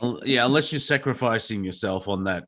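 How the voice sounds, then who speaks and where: A man's voice: lowish voice, a little fast, a bit bright. A man co-hosting a casual comedy chat over a video call, joking and acting out quotes. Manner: jokey, acts out quotes in put-on voices. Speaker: co-host.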